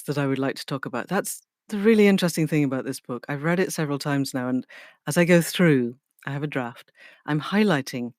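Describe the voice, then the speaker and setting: A woman's voice: low-pitched, a little mellow, no room sound, studio quality. A woman hosting a podcast, introducing her guest and asking questions with effusive enthusiasm. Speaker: podcast host.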